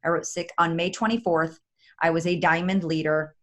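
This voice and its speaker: A woman giving an energetic, chatty motivational talk as a guest on a video call, with many fillers. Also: fairly low pitch, normal speed. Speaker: guest speaker.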